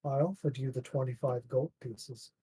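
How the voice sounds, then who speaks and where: A man's voice: medium pitch, fairly even intonation, moderate pace, dark tone, slight background noise, low-quality recording. A man narrating as game master, voicing the townsfolk with "he says" and "she says" before each line. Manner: plays the merchant and innkeeper voices with "he says".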